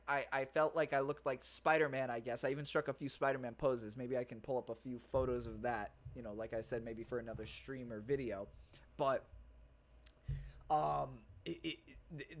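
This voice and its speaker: A man's voice: medium pitch, moderate pace. A young man hosting his own podcast, chatting casually and rambling, swearing freely with plenty of fillers and restarts. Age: young adult. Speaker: podcast host. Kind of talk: casual solo podcast chat.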